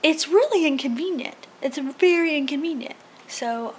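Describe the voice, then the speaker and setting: A young woman chatting casually to a handheld camera at home, telling an animated story for her family vlog. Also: a little high, fairly quick, soft background music. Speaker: family vlogger. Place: house being painted, indoors.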